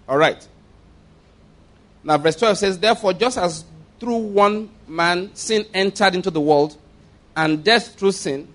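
A man preaching a sermon, reading scripture slowly and stressing key words, often checking that his listeners follow. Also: fairly high pitch. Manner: asks listeners to follow along.

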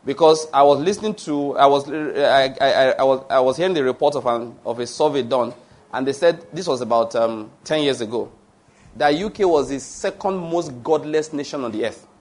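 A man preaches a sermon emphatically, wandering into digressions, restarting and using fillers, and asking the congregation questions he answers himself. His voice is mid-range with a darkish tone at normal speed.

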